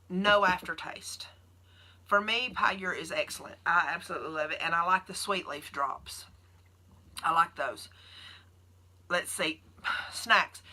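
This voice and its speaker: A woman's voice: medium pitch, sharp tone. A woman with a Southern US accent, chatting casually on a livestream and answering viewer questions as a keto nurse.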